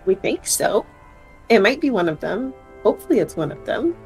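A woman's voice: medium pitch, very animated, normal speed, darkish tone, faint music behind, rough recording. A woman player in a tabletop game, tentative and thinking aloud.

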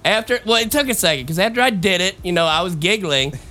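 A young man hosting a podcast, telling a story in casual chat, animated and laughing, acting out the voices of people he quotes. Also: sits high, quick pace. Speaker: podcast host. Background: fan noise.

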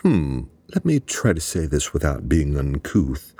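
A man's voice: a bass voice, very animated, measured pace, mellow, breathy edge, dry recording, heavily acted. A man putting on a mock-posh British gent. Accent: British, put on.

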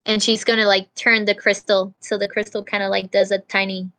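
A woman's voice: mid-range voice, flat delivery, fairly quick, bright, forceful tone. A woman player chattily describing her character's actions in a tabletop role-playing game. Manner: chatty, giggly narration of actions. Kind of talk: tabletop role-play chat.

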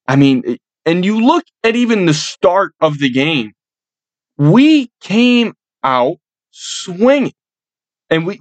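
A man's voice: medium pitch, dry recording. A young man hosting a casual sports chat, rambling and swearing freely. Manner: profane, rowdy, rambling. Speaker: sports podcast host.

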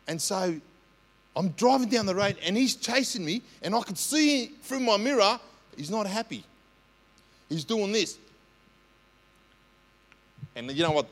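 A man with an Australian accent, a senior pastor telling stories in a lively, conversational sermon, often asking "right?". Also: sits high. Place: church. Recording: long church hall reverb.

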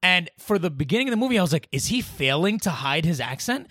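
A man co-hosting a casual podcast chat, animated and quick to argue, swearing freely. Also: on the high side, no echo, clean studio sound. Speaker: podcast co-host.

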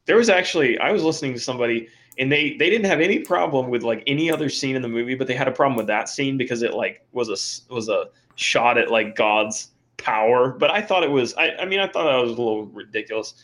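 A man's voice: mid-range voice, quick pace, hardly any pauses, fairly bright tone. Hesitant man thinking aloud. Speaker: podcast co-host. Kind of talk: casual chat discussing a film.

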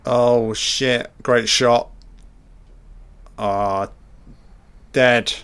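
Slow-talking man commenting on a film. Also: lowish voice, clean tone. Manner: relaxed, sweary, muttering asides. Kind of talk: casual film reaction commentary.

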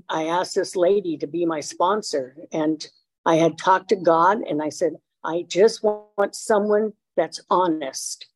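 A woman's voice: fairly low pitch, a little mellow, rough recording. A middle-aged woman from Los Angeles sharing her recovery story at a meeting, blunt and streetwise, with lots of fillers. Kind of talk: personal recovery share.

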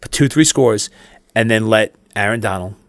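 Man, podcast co-host, swears a lot, dry close sound, lower voice. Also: gravelly, no room sound. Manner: fast, profane, rambling with restarts. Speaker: sports betting podcast co-host. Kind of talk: casual sports chat.

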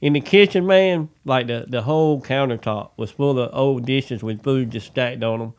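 A man, telling a rambling work story in casual chat, animated and swearing freely. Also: mid-range voice, normal speed. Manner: animated, swears freely, says "dude" a lot.

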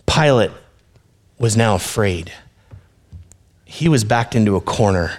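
A man's voice: fairly low pitch, animated, a little slow, long pauses. A male pastor preaching a sermon in an earnest, conversational way, speaking directly to his listeners.

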